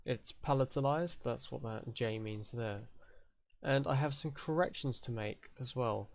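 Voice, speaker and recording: A man's voice: mid-range voice, a little slow. A young British man with a chatty, step-by-step manner, hosting a casual online lesson. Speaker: tutorial host.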